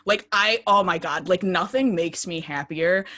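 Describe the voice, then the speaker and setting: A woman's voice: on the low side, measured pace, pushed and bright. A young woman co-hosting a podcast in casual chat, gushing and emotional, filling her talk with "like". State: tearing up. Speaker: podcast co-host.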